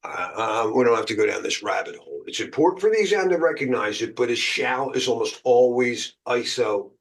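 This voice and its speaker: A man's voice: medium pitch, lively intonation, fairly quick, creaky. An American man teaching exam prep in a casual, jokey chat, full of uh and um. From United States. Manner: chatty, jokey, lots of uh and um. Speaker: cybersecurity exam instructor.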